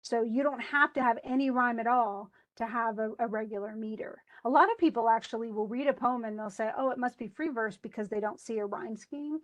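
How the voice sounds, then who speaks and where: A woman's voice: fairly high pitch, a little fast, few pauses. A woman teacher giving a loose, chatty lecture on poetry, full of restarts and asides. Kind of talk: recorded class lecture.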